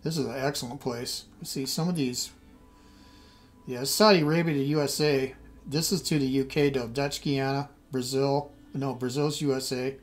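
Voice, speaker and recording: A man's voice: medium pitch, fairly even intonation, moderate pace, faint music behind. Man muttering through a strategy game. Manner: thinking aloud, muttering, trailing off. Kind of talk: casual game commentary.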